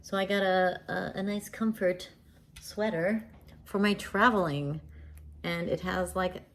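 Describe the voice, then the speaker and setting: A woman's voice: on the low side, fairly even intonation, measured pace, fairly bright tone. A woman livestreaming at home, chatting casually in a rambling way with many restarts.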